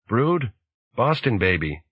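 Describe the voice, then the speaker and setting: A man's voice: mid-range voice, big pitch swings, slow pace, fairly bright tone, breathy edge, no echo, pitched above the performer's own voice, heavily acted. A man voicing a tough, wounded female mercenary who talks in clipped, terse bursts. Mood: strained, terse.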